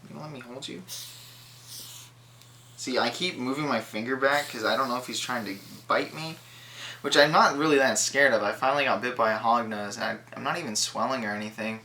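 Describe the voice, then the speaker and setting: Bright-voiced young chatty snake vlogger. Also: mid-range voice, a little fast. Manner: chatty, rambling, coos at the snakes. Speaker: reptile keeper vlogger. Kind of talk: casual chat to camera.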